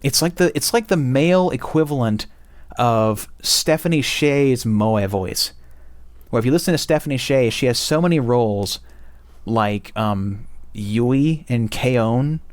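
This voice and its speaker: A man's voice: medium pitch, expressive, measured pace, no room sound. A young man hosting a casual game review, blunt and profane, with many fillers. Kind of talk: casual opinionated monologue.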